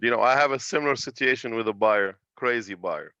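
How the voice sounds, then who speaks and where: A man who works as a real estate agent recounts a client story in a casual way, with slightly broken phrasing. His voice is bright. The sound is dry, dull and lo-fi. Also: mid-range voice, brisk, no room sound. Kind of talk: telling a work anecdote.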